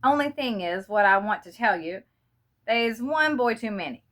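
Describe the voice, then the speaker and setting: A woman's voice: fairly high pitch, animated, normal speed, a bit bright. A woman voicing a young male army lieutenant from the American South, drawling on the phone to his family. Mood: firm.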